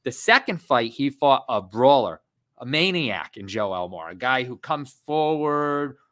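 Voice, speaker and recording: A man in his thirties co-hosting a casual fight podcast, animated and rambling, swearing freely. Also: mid-range voice, measured pace. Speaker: podcast co-host.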